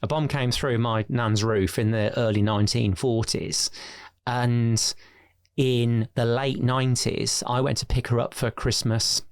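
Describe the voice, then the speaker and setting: A businessman telling family anecdotes in a relaxed, self-deprecating way as a podcast guest. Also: mid-range voice, a little slow, smooth. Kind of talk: conversational storytelling.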